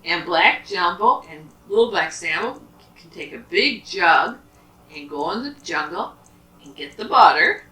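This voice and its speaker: Practical storybook mother, decisive, bright tone as a woman reads her, echoey room. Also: on the low side, expressive, unhurried. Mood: cheerful. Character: capable practical mother, cheerful. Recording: roomy, from a distance.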